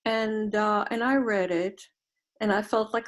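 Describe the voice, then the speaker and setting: A woman's voice: mid-range voice, unhurried. A middle-aged woman Zen teacher giving a dharma talk over a video call, reflective and storytelling, often posing questions to her listeners.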